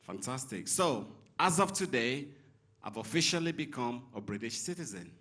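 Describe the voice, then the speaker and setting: A man's voice: mid-range voice, animated, moderate pace, background noise. A man from Nigeria performing a stand-up comedy set on stage in a comedy club, teasing the crowd.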